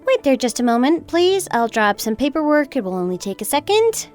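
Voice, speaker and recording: Over soft background music, a woman with a high voice and big pitch swings speaks briskly and a bit mellowly as a daughter-in-law in a texting-story drama. The character is a calculating young wife getting even, sweetly businesslike and cuttingly polite.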